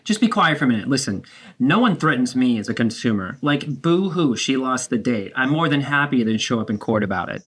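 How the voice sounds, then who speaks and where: A man's voice: medium pitch, animated, a little fast, a bit bright, slightly rough. A man voicing a self-absorbed, defensive middle-aged mother in a therapeutic role-play, talking over her child. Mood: bossy. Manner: dramatic, guilt-tripping, talks over her child.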